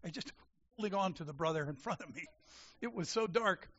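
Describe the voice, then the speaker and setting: Emphatic preacher man, bright voice. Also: sits high, brisk. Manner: emphatic and animated, swinging from loud declarations to quiet asides. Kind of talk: sermon. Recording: dull lo-fi sound.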